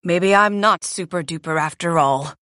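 A woman's voice: a little high, very animated, a little slow, a bit bright, no echo, clean studio sound, full character voice. A woman voicing a confident, proud adult male delivery bird in a storybook. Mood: sad. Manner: confident, declaring.

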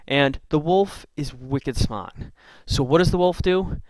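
A man's voice: a little high, unhurried, few pauses, darkish tone, no echo. A man retelling a fairy tale in a chatty, playful way, full of asides, recorded on a computer mic. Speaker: storyteller. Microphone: screen recording with a computer mic.

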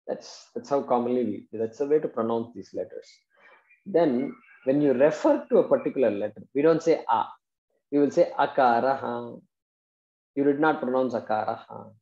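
Gravelly, mellow male teacher. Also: medium pitch. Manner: patient, explanatory, checks in with students. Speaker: Vedanta teacher. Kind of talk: explaining Sanskrit verses in class. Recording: dull, roomy classroom recording.

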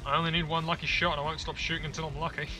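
A man's voice: a little high, little pitch movement, rapid-fire, low-quality recording. A young man giving casual let's-play commentary at home, swearing, mocking himself and yelping and groaning at the game. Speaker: gaming video creator. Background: video game music and sounds.

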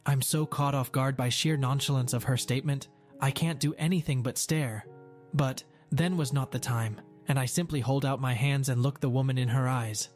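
A man's voice: medium pitch, fairly even intonation, moderate pace, soft background music. A man who works as a store manager, telling a story aloud in a wry, dramatic way.

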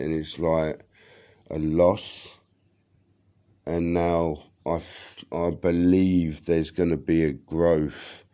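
A man talks in a deep, unhurried voice, drifting from thought to thought and swearing often. His tone is dark and mellow. He loops back with "like" and "you know" as he speaks to his viewers. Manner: rambling, heavy swearing, many fillers. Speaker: vlogger. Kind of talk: rambling personal monologue.

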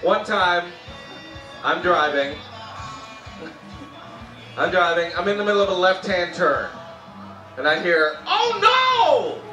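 A Canadian man performing a live stand-up set, telling animated stories about his wife and jumping into sudden high-pitched shouts when he mimics her. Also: slow pace, long pauses. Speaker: stand-up comedian. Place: outdoor festival comedy tent. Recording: roomy live sound from a distance. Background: audience laughter and faint music.

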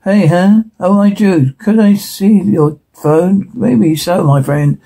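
A man's voice: sits high, slow, gravelly, dark tone, slightly rough, low-quality recording. A man dubbing a whole scene alone, switching between characters and reading the sound cues aloud. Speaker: voice performer. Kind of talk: solo dub of a TV scene.

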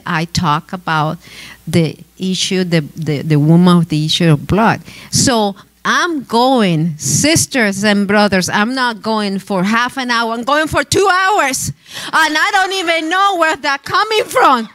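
High-voiced woman telling a story. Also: measured pace. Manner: animated storytelling with laughing asides and restarts. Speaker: pastor's wife and teacher. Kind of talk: testimony in a church teaching.

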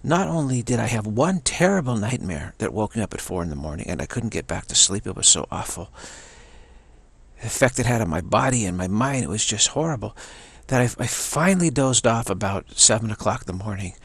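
A man tells a personal story in a casual, unscripted way, often stopping and repeating words. His voice has a gravelly fry, and the sound is dry and close with no room echo. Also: on the low side, sing-song. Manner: halting, stumbles and repeats words.

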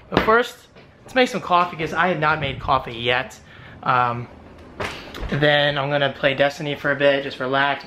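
An upbeat young man chats through his daily vlog in a loose, rambling way. His voice sits at an ordinary middle pitch. A faint hiss of background noise stays under his talk. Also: pushed and bright. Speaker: vlogger. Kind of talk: casual vlog narration.

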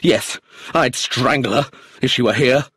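A man's voice: lowish voice, very animated, moderate pace, slightly rough, dry recording, studio quality. A man voicing a volatile, emotional middle-aged man. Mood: angry. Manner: bursts into agitated, rising outbursts.

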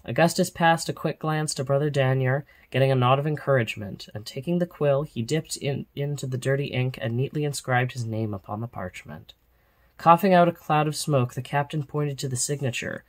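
A storyteller reading a children's chapter book aloud, narrating steadily and expressively in a mid-pitched man's voice. Even, clear storytime delivery. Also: brisk.

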